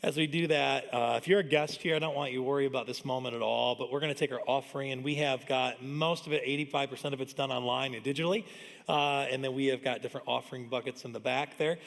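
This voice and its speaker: A man's voice: medium pitch, fairly even intonation, quick pace, creaky, a bit bright. A man in his thirties preaching a Christmas sermon as pastor, talking in a conversational way and telling family stories. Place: large church hall. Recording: long church-hall reverb.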